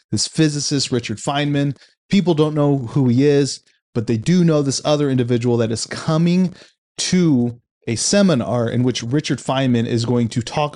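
A man's voice: mid-range voice, darkish tone. A man casually reviewing a book, reflective and conversational, often restarting his sentences.

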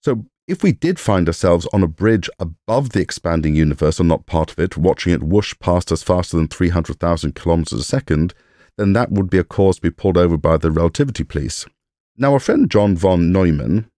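A man's voice: low voice, animated, fairly quick, dark tone, dry recording. A man hosting a podcast, reading a scripted science explainer with dry humor and jokey asides. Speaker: podcast host.

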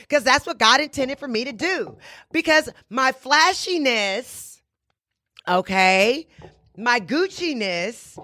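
A sassy, blunt woman hosts her own talk show, hammering points home by repeating lines and bragging on herself. Her voice is bright and forceful, recorded dry and close with no room around it. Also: sits high, dry recording. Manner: sassy, emphatic, repeats phrases for punch; blunt, boastful self-talk. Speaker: podcast and radio host. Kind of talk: casual monologue.

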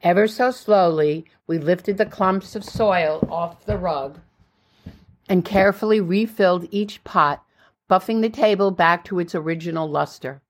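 An older woman narrating her own memoir in a plain, steady storytelling way. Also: on the low side, unhurried.

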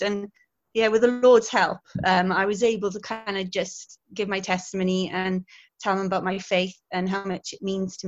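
A chatty woman tells her stories with a lively, laughing manner. Her voice sits at an ordinary middle pitch. The recording is dull and lo-fi. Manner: chatty, laughs often, animated storytelling. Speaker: guest, historical interpreter. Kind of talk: casual interview chat.

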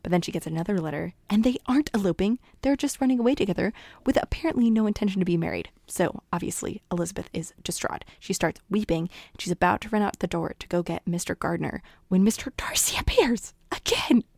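A woman's voice: on the low side, fast talker, gravelly, a little mellow, no echo. A woman casually retelling a story in a chatty way, full of asides to listeners. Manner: chatty, full of "like" and "you guys".

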